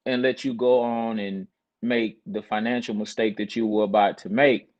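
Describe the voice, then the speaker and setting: A male guest speaker talks earnestly in a casual chat that carries a preaching tone, quoting scripture and repeating words to build his points. His voice is on the low side, at normal speed with fairly even intonation, and the audio has its highs cut off.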